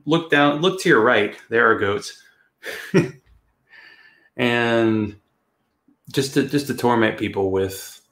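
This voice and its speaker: A man's voice: fairly low pitch, fairly bright tone, roomy sound. A man hosting a podcast, telling a casual, rambling story, swearing and laughing along the way. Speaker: podcast host.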